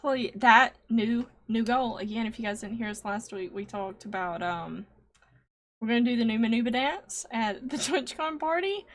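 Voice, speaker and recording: A woman's voice: a little high, normal speed. A woman co-hosting a casual stream show, teasing her co-host and laughing often. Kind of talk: casual chat.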